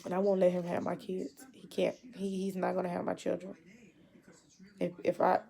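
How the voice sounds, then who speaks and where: Woman, gravelly, mellow and dark, emotional, halting, repeats herself, video diary. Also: on the low side, completely flat delivery. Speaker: mother.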